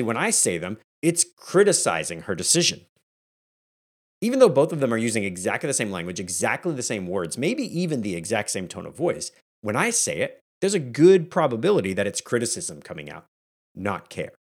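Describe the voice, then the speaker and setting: Lower-voiced man hosting a podcast. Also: slightly rough. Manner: energetic and conversational, acting out quoted family moments. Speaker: podcast host and leadership coach. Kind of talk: solo podcast talk.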